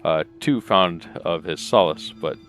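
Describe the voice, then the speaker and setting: A man's voice: deep voice, measured pace, a bit bright, faint music behind. A man voicing a kindly male priest with a soothing, musical, lilting way of speaking in a game.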